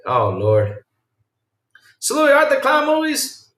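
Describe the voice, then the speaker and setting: Taking his time, this man hosts a podcast livestream, casually responding to what viewers write. His delivery is excitable and meandering, shifting between quiet mumbling and sudden loud bursts, picked up by a far-off mic in a roomy space.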